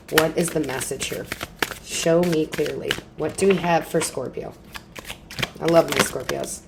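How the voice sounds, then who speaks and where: Low-voiced chatty woman tarot reader. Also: noisy background. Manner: chatty, reassuring, frequent "okay?" and "right?". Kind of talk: casual tarot reading to camera.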